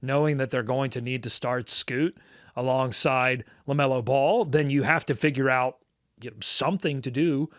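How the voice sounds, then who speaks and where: A man's voice: mid-range voice, fairly even intonation, normal speed, dry recording, studio quality. A man co-hosting a sports podcast, talking casually with lots of fillers and playful asides. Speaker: podcast co-host.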